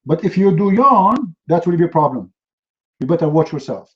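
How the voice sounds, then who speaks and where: A man's voice: a little high, very animated, normal speed, dull audio. A man giving a humorous talk, telling stories in a mocking, sarcastic way. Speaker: speaker.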